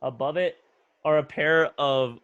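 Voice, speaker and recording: A man's voice: a little high, a little slow, no room sound, dull audio. A young man talking casually on a podcast, telling stories with lots of fillers and acted-out quotes. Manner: relaxed storytelling with many fillers, acts out quotes. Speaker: guest, retired runner.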